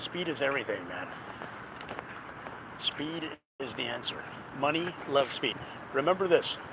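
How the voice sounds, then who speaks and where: A man's voice: medium pitch, animated, measured pace. A man chatting casually for his vlog while out on the street, rambling with lots of fillers and chuckles. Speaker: vlogger. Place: outdoors on city streets. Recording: loud outdoor street noise. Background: loud traffic and street noise.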